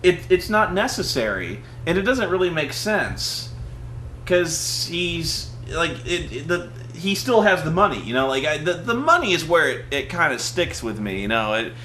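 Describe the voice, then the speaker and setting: A man's voice: on the high side, sing-song, normal speed, sharp tone, echoey room, a little hiss or hum. A man who is a movie reviewer, chatting casually and animatedly with his brother, stammering and acting out quotes from the film.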